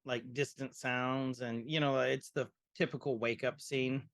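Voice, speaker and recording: A man's voice: medium pitch, flat delivery, a little slow, fairly bright tone, no echo. Man recapping episodes, dry mic. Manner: scene-by-scene retelling, quoting characters. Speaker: podcast co-host. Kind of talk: casual chat recapping a show.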